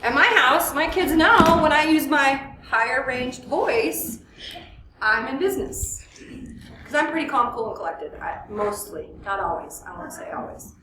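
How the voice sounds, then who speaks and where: A therapist giving a workshop lecture, lively and full of questions for the audience. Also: female voice, sits high, measured pace, background noise. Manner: lively, asks the audience questions, acts out quotes. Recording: echoey room, mic at a distance.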